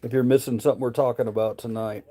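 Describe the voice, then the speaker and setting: A man from Memphis with a slow Southern Tennessee drawl. He talks loosely and profanely, rambling between chat questions on his own livestream. His pitch is a plain, middle male register. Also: fairly even intonation, warm tone, a little hiss or hum. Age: adult, married. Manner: rambling, profane, reads viewer chat aloud. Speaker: livestream host.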